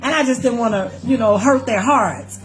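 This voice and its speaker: Middle-aged lady with a high voice telling a story from her life, acts out everybody's voices, soft music under it. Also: normal speed. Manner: Southern Black American vernacular, calls listener "baby". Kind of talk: casual personal storytelling.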